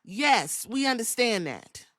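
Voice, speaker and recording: A woman's voice: a little high, sing-song, slow pace, a bit bright. Sassy, profane woman podcaster. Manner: sassy, profane, acts out quotes. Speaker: podcast host. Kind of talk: casual wrestling recap.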